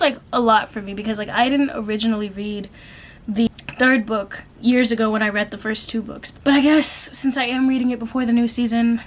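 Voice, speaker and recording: A woman reviewing a book in a casual vlog, gushing and excitable, using lots of slang. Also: fairly high pitch.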